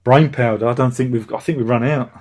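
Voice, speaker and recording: A man with a steady, mid-range, slightly mellow voice hosts a review livestream. He chats casually and reads viewer comments aloud, ranting sarcastically and getting angry quickly.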